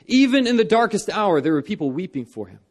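Young man preaching in church, earnest, fairly high voice that climbs on key lines and sinks low for the solemn moments. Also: very animated, quick pace. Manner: earnest, rising for emphasis and dropping low for solemn parts. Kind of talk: sermon.

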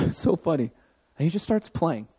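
A man in his thirties preaching a sermon as pastor, telling a personal story with animated emphasis. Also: on the high side, moderate pace, husky.

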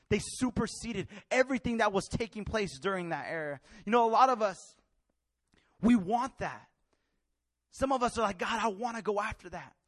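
Guy preaching with a high voice, really animated and slangy, dry close sound. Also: dry recording. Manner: animated, colloquial, acts out Bible characters in street slang. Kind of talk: sermon.

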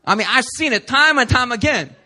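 High, bright-voiced young male pastor. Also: expressive, brisk. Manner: casual, joking storytelling. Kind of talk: sermon. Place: church.

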